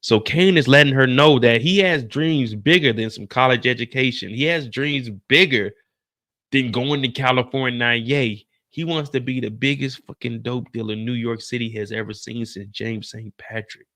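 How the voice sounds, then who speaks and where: A man's voice: mid-range voice, normal speed, pushed and bright. A man hosting a casual TV episode recap, telling it in a brash, profane style with personal asides. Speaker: TV recap host.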